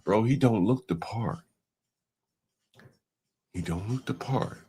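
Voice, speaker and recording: A man's voice: on the low side, slow pace, dark tone, a little hiss or hum. A man hosting a livestream, giving blunt, slangy reaction commentary and talking back at clips. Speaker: livestream host.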